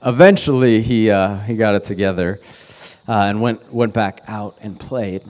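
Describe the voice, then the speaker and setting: A man's voice: lowish voice, moderate pace, a little mellow. A man in his thirties, a pastor, delivering a sermon as an earnest, conversational story.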